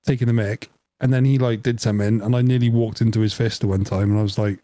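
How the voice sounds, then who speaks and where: A man co-hosting a podcast, telling an animated story through laughter in casual chat. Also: on the low side, fast, no room sound. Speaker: podcast co-host.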